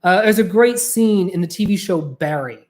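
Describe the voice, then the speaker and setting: A woman's voice: on the low side, lively intonation, moderate pace, darkish tone. A woman hosting a podcast in a casual solo monologue, chatty and swearing freely. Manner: chatty and profane, with frequent fillers. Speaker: podcast host.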